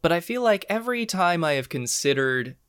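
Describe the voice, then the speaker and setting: A man's voice: a little high, very animated, brisk, a bit bright, clean tone. A young man co-hosting a podcast, chatting casually in a self-deprecating way into his microphone. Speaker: podcast co-host. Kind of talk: casual chat.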